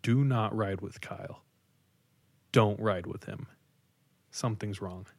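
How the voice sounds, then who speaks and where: A man's voice: lowish voice, slow, creaky, full character voice. A man quoting a tired, uneasy young woman who talks hesitantly and stammers as she restarts. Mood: earnest.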